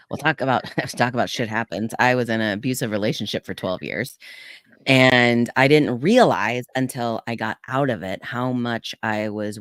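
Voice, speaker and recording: A woman communication coach on a podcast, telling her story with earnest candor and acting out quotes in lively voices. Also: no room sound, studio quality. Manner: earnest storytelling, acts out quotes with animated pitch jumps. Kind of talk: candid podcast conversation.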